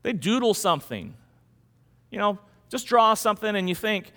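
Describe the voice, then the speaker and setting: Animated, high-pitched male preacher. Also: moderate pace. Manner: animated, conversational preaching with rhetorical questions. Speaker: pastor. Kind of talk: sermon.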